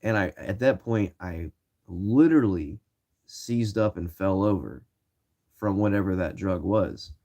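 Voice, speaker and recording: Young male vlogger, early twenties, rambling slangy storyteller, lowish warm voice. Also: lively intonation, measured pace. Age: 20s. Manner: slangy, rambling, many fillers and restarts. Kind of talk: casual storytelling to camera.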